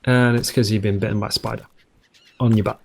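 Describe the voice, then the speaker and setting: A man's voice: lowish voice, flat delivery, fast talker, darkish tone, slight background noise. A man hosting a casual let's-play from home, rambling through jokey tangents and cutting himself off mid-sentence. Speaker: gaming video host.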